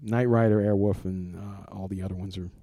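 Middle-aged man, low voice, mellow tone, dry close sound, rambling casual talk, frequent laughs. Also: fairly even intonation, a little fast, gravelly, no room sound. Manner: rambling, repeats words, laughs often. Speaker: comics art director.

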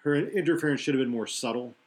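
A man's voice: medium pitch, fast. A man hosting a podcast, chatting casually in long rambling runs that restart and correct themselves. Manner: rambling, self-correcting analysis. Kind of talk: casual wrestling chat.

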